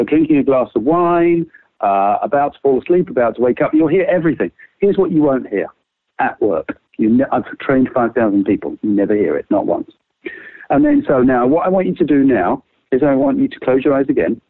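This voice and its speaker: Energetic man on a tinny line. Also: no echo. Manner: lively, swings pitch widely, casual swearing. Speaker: creativity trainer, guest. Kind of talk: animated explaining with quick exercises. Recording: dry, phone-like narrow sound.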